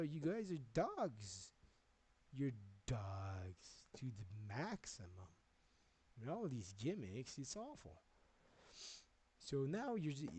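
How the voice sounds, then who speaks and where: A man's voice: a little high, warm tone, low-quality recording. A man ranting on his own livestream, agitated and rambling, with plenty of swearing. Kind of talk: rambling solo livestream rant.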